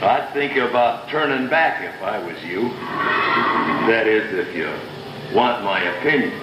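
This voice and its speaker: A gruff old Western cowboy speaks in a low, slow drawl, offering a warning. The ride audio is roomy and echoey, and loud ambient noise runs underneath him. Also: male voice, animated. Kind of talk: theme park ride animatronic dialogue.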